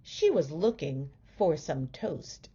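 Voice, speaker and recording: Slow, expressive woman reading a storybook. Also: deep voice, breathy edge, highs cut off. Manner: gentle, expressive reading for children. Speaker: teacher. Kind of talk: storybook read-aloud.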